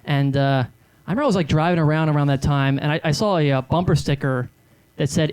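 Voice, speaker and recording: A man's voice: a little high, fast talker, darkish tone, smooth. A man in his thirties doing stand-up comedy, telling self-deprecating stories in a rambling way full of fillers. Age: 30s.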